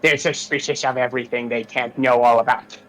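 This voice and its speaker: A man voicing a sly old woman who brews potions, in a sing-song, drawn-out, mocking manner. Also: mid-range voice, steady tone, fairly bright tone, lightly acted, poor audio.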